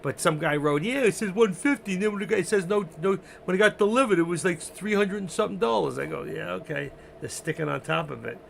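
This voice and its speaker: A man's voice: fast, hardly any pauses, a little hiss or hum. A man hosting a live trading stream, rambling casually about his trades and breaking off to talk to his cat. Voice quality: gravelly. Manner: rambling, talks to his cat in a high sing-song voice.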